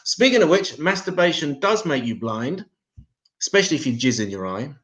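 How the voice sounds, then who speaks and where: A man's voice: fairly high pitch, big pitch swings, fairly quick, fairly bright tone. A man hosting a comedy open mic and doing crude stand-up one-liners.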